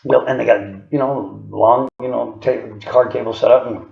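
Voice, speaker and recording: A man's voice: mid-range voice, steady tone, moderate pace, vocal fry, slight background noise. A man casually telling a personal story in a rambling way, full of fillers and chuckles. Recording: echoey, dull lo-fi room sound.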